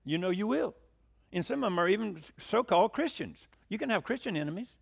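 A middle-aged man preaches a sermon. He shifts from loud, emphatic proclamations to quiet, conversational asides and keeps asking his congregation questions. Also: high voice, animated, a little fast, creaky, slightly rough.

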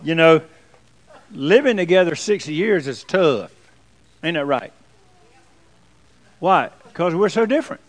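A man's voice: on the high side, expressive, unhurried, pauses often, low-quality recording. A man, a pastor giving a folksy, joking sermon to his congregation in church. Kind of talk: sermon with jokes.

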